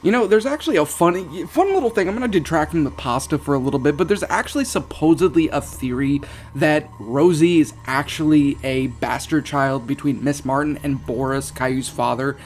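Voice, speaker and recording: A man's voice: fairly high pitch, brisk. A man reading a creepypasta aloud and breaking off into profane, exclaiming reactions and laughter. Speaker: creepypasta narrator and commentator. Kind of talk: reading a story with reaction commentary.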